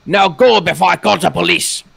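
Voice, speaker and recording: A man's voice: a little high, unhurried, gravelly, slight background noise. A man doing a cranky old neighbor, mock German. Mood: scolding. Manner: scolding, loud. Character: cranky elderly Dutch neighbor, scolding and hostile. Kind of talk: let's play voice acting.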